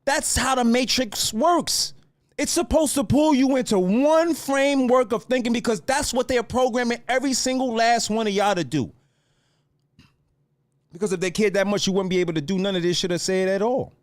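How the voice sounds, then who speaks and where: High-pitched ranting podcast man. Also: moderate pace. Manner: heated, profane, lecturing the audience. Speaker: podcast host. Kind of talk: solo podcast rant.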